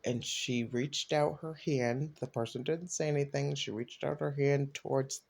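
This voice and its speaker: A man recounting a personal event in a loose, conversational way. His voice sits in an ordinary middle register. When he quotes others, he lifts his pitch and energy. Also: measured pace, vocal fry. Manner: animated retelling, voices quotes with rising pitch. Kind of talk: casual storytelling.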